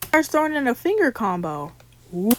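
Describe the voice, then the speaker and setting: A young woman telling a personal dating story in a giggly, animated way, played in a clip. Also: a little high, normal speed, slight background noise. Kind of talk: casual anecdote.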